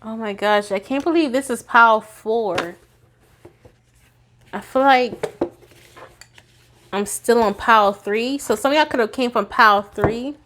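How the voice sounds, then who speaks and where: A woman's voice: a little high, a little slow, long pauses, background noise. Goofy, tired woman reading tarot cards. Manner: chatty and goofy, laughs often, talks to viewers as y'all. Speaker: tarot reader. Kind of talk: casual spoken tarot reading to viewers.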